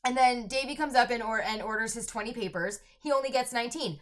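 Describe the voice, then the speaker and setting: A woman's voice: on the high side, quick pace. A woman co-hosting a podcast, chatting casually and animatedly about a film, cursing freely and jumping in with quoted lines. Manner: animated, swears a lot, jumps in with quotes. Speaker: podcast co-host. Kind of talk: casual chat recapping a movie.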